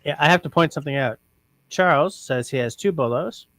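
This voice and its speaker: Relaxed man reading out livestream chat. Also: a little high, fairly quick, dry recording. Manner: relaxed, reads viewer comments aloud.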